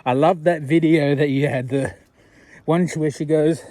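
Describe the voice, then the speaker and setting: High-voiced man rambling on a night walk. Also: moderate pace, dark tone, no room sound. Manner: rambling, chatty, laughs often. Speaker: vlogger. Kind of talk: casual walking vlog. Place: outdoors on a street at night.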